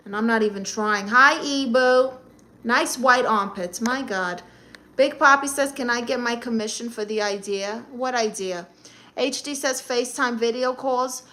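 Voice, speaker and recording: Sassy Brooklyn woman with a bright voice. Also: fairly high pitch. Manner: sassy, blunt, quick comebacks. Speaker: live stream host. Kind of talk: casual live-stream chat reading comments.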